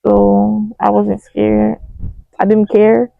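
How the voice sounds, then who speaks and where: A young woman, telling a storytime to her viewers in an animated, slangy way. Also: high-pitched, moderate pace, no echo. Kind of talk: casual storytime vlog. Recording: dry, slightly dull mic sound.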